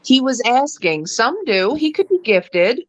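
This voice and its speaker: A woman's voice: on the high side, sing-song, measured pace. A woman co-hosting a casual chat show, telling stories bluntly and with vulgar humor. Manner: blunt, vulgar, laughing storyteller. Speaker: podcast co-host. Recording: faint background noise.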